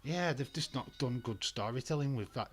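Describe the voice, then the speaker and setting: A man talking through a wrestling watch-along in a loose, casual way. He is blunt and opinionated, ranting and swearing freely, and his voice sits at an ordinary mid pitch for a man. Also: normal speed. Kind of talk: casual live commentary.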